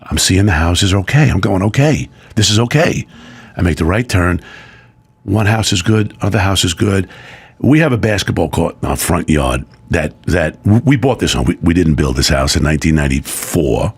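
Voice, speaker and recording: A middle-aged man, a guest, telling a personal story in casual chat, emotional and animated. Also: low voice, moderate pace, husky.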